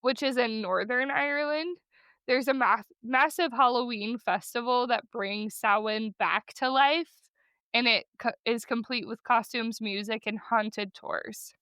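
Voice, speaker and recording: A woman's voice: fairly high pitch, unhurried, sharp tone, smooth, no echo. A woman co-hosting a podcast in casual chat, chatty and enthusiastic, laughing easily. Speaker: podcast co-host.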